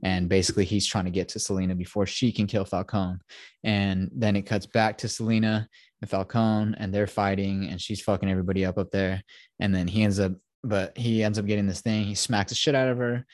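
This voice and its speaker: A man's voice: fairly low pitch, flat delivery, a little fast, a little mellow, dry recording, studio quality. A young man hosting a podcast, giving a rambling, profane retelling of a film plot in casual chat. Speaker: podcast host.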